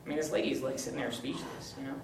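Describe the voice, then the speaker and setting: A young man giving an informal, joking teaching talk to a college group, upbeat and animated. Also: mid-range voice, racing, creaky, whispered, recorded from a distance. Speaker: campus ministry speaker. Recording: roomy, from the mic, faint hum.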